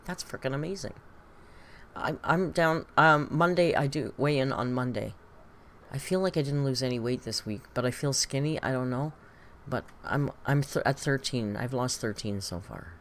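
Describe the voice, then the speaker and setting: A woman's voice: rumbling low, normal speed. A woman with a British accent, chatting casually and gossiping as she reacts to video clips and reads viewer comments. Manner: chatty and gossipy, laughs often, muses aloud. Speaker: reaction streamer.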